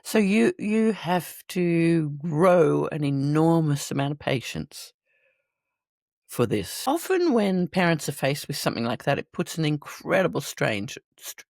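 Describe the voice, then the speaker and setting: A podcast host asking measured, empathetic questions. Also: mid-range voice, big pitch swings, creaky, a little mellow, no echo, clean studio sound. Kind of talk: interview questions.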